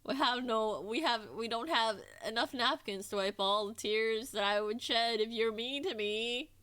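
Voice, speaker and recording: A woman's voice: fairly high pitch, moderate pace, sharp tone. A woman streamer in casual chat with her audience, bubbly and giggly, teasing herself in a playful way.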